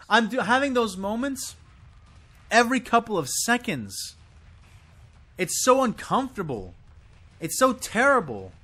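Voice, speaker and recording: A man's voice: big pitch swings, a little slow, pauses often, pushed and bright. A man giving an impassioned, exasperated solo rant to camera, swearing and sputtering as he goes. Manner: exasperated, swearing, high and swooping. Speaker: video creator ranting about a show.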